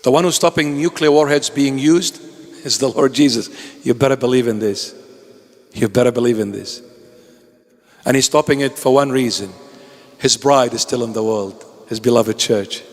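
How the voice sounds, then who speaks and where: A man's voice: mid-range voice, normal speed, long reverb tail. A man preaching a sermon, pleading and impassioned, breaking into joking asides.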